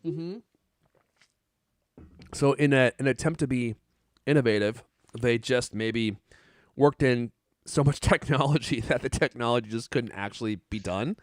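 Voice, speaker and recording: A man's voice: mid-range voice, a little slow, long pauses, no room sound, clean studio sound. A man co-hosting a tech podcast in casual chat, joking and rambling, laughing often. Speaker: podcast co-host.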